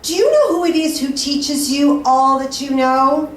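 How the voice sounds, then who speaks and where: A woman voicing a spiteful troublemaking man who taunts loudly, recorded from a distance in a roomy space. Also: a little high, fairly even intonation, slow. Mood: taunting. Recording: roomy, distant live mic, faint hiss.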